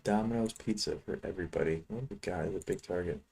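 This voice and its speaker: A man's voice: sits low, fast, gravelly, darkish tone, slightly rough. A man from Chicago talking casually to his viewers while trading futures, rambling between trades. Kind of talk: casual live-trading commentary.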